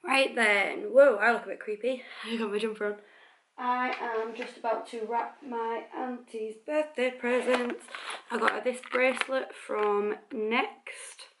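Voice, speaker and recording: A woman's voice: fairly high pitch, steady tone, measured pace, background noise. A young woman chatting casually to her camera at home, giggly and self-deprecating. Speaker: vlogger. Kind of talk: casual vlog chat to camera. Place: at home indoors.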